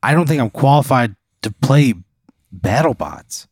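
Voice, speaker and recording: A man's voice: mid-range voice, expressive, measured pace, a little mellow, slightly rough, dry recording, studio quality. A man, a comedian and podcast co-host, bantering in an exasperated, protesting way.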